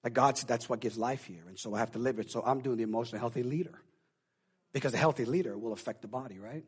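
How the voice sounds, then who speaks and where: Husky-voiced preaching pastor. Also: male voice, medium pitch, fast talker. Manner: emotional, swings from hushed confiding to loud preaching. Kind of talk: sermon. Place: church.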